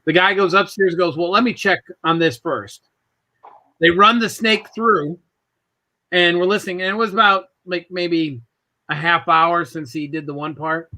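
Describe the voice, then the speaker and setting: A man's voice: high-pitched, fairly even intonation, moderate pace, pushed and bright. A man hosting a casual talk show, telling a rambling home-repair story and acting out the other people's voices. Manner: rambling anecdotes, acts out quoted voices. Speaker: podcast host.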